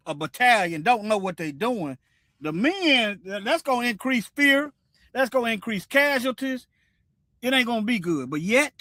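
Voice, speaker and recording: Brief: male stream host, preachy and repetitive, sharp high voice. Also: no echo, clean studio sound. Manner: preachy, repeats himself, animated. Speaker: livestream host. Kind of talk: casual commentary livestream.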